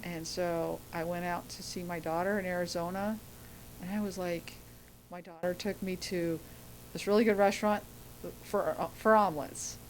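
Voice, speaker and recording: A middle-aged woman tells a personal story in a lowish voice, slipping into the voices of the people she quotes. A faint rumble sits under the recording. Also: fairly even intonation, normal speed, low-quality recording. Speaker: guest.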